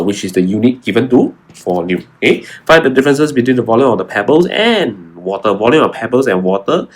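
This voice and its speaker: A man teaches an exam walkthrough, his voice sitting a little low. He talks in repetitive, emphatic bursts, circling back to key words again and again. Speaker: science tutor.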